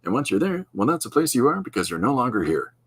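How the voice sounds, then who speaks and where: A man putting on a folksy 1970s sitcom father giving gentle, earnest advice. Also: mid-range voice, big pitch swings, fast talker, slightly rough, dry recording, voice pushed up, full character voice.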